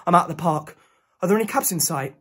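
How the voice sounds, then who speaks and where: A panicky young bloke, husky voice sitting pretty high, gasping his way through a monologue. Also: lively intonation, quick pace, fairly bright tone, full character voice. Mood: frantic. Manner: urgent, breathless present-tense storytelling. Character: young man, frantic, racing to his fiancé. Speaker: stage performer. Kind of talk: one-man theatre monologue.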